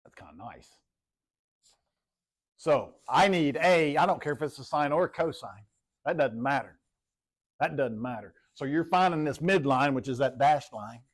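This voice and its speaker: A man's voice: mid-range voice, lively intonation, normal speed, long pauses. A man teaching a math class in a classroom, talking casually, calling on students by name and repeating himself. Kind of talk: classroom lecture.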